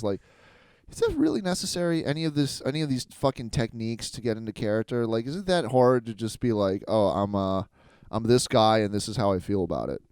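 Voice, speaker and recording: A man co-hosting a comedy podcast, chatting casually with deadpan, absurd jokes and plenty of swearing. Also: fairly low pitch, dry recording. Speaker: podcast co-host.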